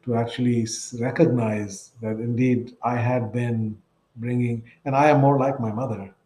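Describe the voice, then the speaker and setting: A man's voice: mid-range voice, fairly even intonation, moderate pace, warm tone, reverberant, low-quality recording. A man in his sixties from India, telling a personal story earnestly as a podcast guest, often tagging his sentences with "right?". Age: 60s. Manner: earnest, tags phrases with "right?".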